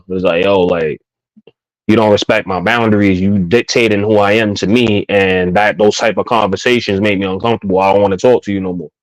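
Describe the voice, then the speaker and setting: A man with a fairly low voice talks in casual conversation, reflective and relaxed, often trailing into fillers. The sound is dry and close. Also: no room sound, low-quality recording. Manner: laid-back, reflective, full of fillers. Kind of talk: casual chat.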